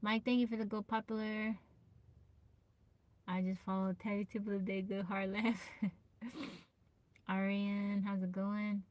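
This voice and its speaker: A woman with a soft, naturally low voice chats casually with viewers on a live stream, greeting them by name and laughing often. She pushes to project over her quiet tone. The sound is close and dry. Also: little pitch movement, takes it slowly, pauses often, dry recording. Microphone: phone.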